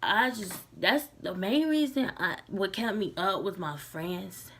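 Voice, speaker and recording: A woman's voice: medium pitch, lively intonation, a little slow, fairly bright tone, breathy edge. A young woman talking casually to her camera, loose and candid, with many likes and restarts. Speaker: vlogger.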